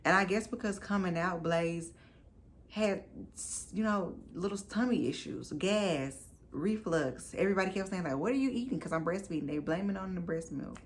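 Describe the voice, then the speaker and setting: A woman's voice: on the low side, normal speed, slight background noise. A woman in her thirties, a new mom telling her story to camera in a candid, chatty, emphatic way.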